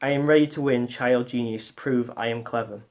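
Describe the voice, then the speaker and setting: A man's voice: medium pitch, steady tone, brisk, darkish tone, dull audio. A teenage man with a Northern English accent co-hosting a casual podcast chat, hesitant and rambling with many restarts. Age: teens. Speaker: podcast co-host.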